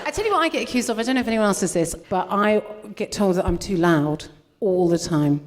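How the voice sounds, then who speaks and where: A woman's voice: mid-range voice, animated, fast. A woman guest comedian chatting on a live comedy podcast, brash and self-mocking. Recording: noisy live recording.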